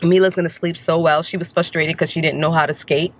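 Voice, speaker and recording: A woman vlogging her family outing in a chatty, blunt, casual way, a little hoarse from screaming. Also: deep voice, quick pace. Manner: chatty, blunt, excitable coaching. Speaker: vlogger, mother. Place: outdoor skating rink, then car. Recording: music playing behind. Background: loud music.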